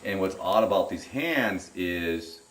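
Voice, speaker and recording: A middle-aged man giving a rambling, animated personal account in an interview, often repeating his words. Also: low-pitched, slow pace, a little hiss or hum. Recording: roomy and distant from the mic.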